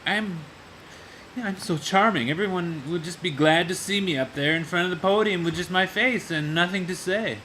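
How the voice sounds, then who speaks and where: A man's voice: high voice, normal speed, sharp tone, a little hiss or hum, voice pushed up. A man mimicking his vain, demanding boss in a raised, pompous, indignant voice. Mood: smug. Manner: pompous, self-satisfied, then whiny and indignant. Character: vain, demanding middle-aged male boss.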